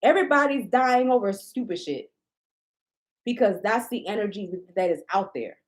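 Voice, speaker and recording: A woman's voice: medium pitch, expressive, moderate pace. A woman with a blunt, indignant, profane manner, ranting casually to her viewers as a shop owner and vlogger.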